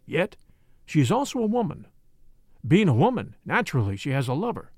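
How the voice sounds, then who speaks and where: A man voicing a grave, kindly older art professor who speaks with measured fervor. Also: on the high side, sing-song, darkish tone, dry recording, studio quality. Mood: fervent. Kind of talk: audiobook character voice.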